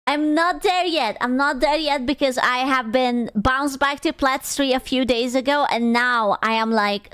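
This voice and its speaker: A woman's voice: fairly high pitch, fairly bright tone, clean tone, no echo, clean studio sound. A woman streaming live who chats casually with her viewers, swearing freely, answering chat questions and mocking herself in a playful way, heard through a desktop mic. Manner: complaining and playfully self-mocking.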